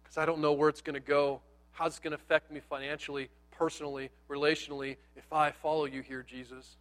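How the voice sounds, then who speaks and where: A male pastor preaching a sermon in a conversational, animated storytelling style with playful asides, dropping to a near hush on key words. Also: a little high, fast talker.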